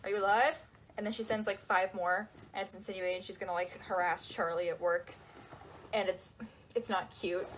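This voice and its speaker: A young woman giving casual, sarcastic commentary on a book, acting out quotes in quick asides. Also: fairly low pitch, steady tone, slight background noise, rough recording. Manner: sarcastic, chatty, acts out quotes.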